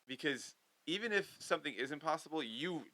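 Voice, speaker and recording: Podcast guest, young man from Missouri; lively storyteller, bright tone, swears casually. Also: on the high side, moderate pace, rough recording. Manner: animated storyteller, swears freely. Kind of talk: casual chat.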